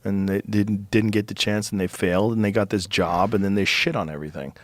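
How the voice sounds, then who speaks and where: A man's voice: on the low side, steady tone, a little fast, dry recording. A man hosting a podcast, talking bluntly and argumentatively in a casual chat, with heavy swearing. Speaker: podcast host.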